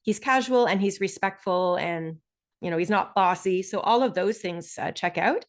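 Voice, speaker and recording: A woman's voice: medium pitch, normal speed. A woman teaching a live online speaking lesson over a video call, explaining step by step and encouraging her students. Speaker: test prep instructor.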